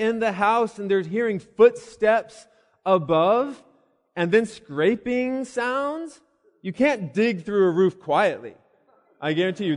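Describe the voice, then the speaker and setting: A man preaching a sermon, telling the story vividly with voiced asides and hesitant restarts. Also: sits high. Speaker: pastor. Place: church building. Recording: long reverb of a church hall.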